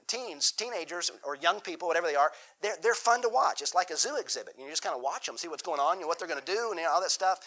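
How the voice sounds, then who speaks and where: Captured on a low-quality recording, a man with a slightly high, sharp-toned voice guides a Bible study in a church room. His conversational sermon with Q&A is folksy, full of restarts and repeated words.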